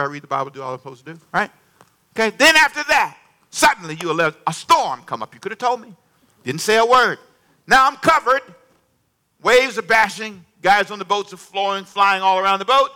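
A male preacher giving a lively sermon, calling out questions to the congregation and acting out dialogue with sudden drops and rises in volume. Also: high voice. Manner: animated, call-and-response with congregation; acts out dialogue with varied volume.

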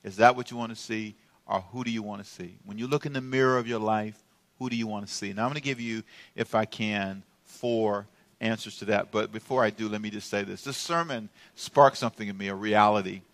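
A man's voice: fairly low pitch, fairly even intonation, a little fast, a bit bright. A middle-aged male pastor preaching a sermon in a humorous, playful way, drawing responses from the congregation.

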